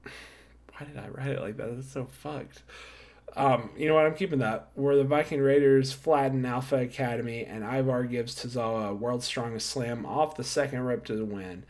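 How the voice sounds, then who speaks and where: A man's voice: mid-range voice, steady tone, normal speed, a little mellow. A man recapping a wrestling show in a casual, rambling way, correcting himself and tossing in jokey asides while handing out star ratings.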